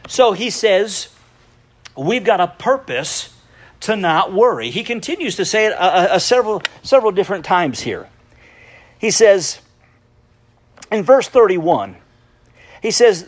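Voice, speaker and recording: A middle-aged male pastor delivers a sermon in a noticeably high voice. He preaches by telling stories and breaks into laughter often. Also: measured pace, long pauses. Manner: lively storytelling, laughing often.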